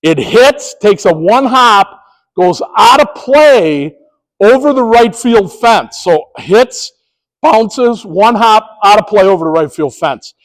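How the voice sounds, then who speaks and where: A man training sports officials, telling a story in an animated way and acting out the scenes. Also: high voice, slow pace, rough recording. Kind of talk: storytelling presentation.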